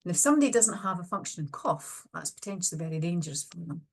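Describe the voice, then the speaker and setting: A middle-aged woman with a somewhat low voice gives an online webinar lecture. She speaks as a speech and language therapist and explains her slides step by step. She grounds each point in practical, everyday clinical examples. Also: expressive, fast, creaky.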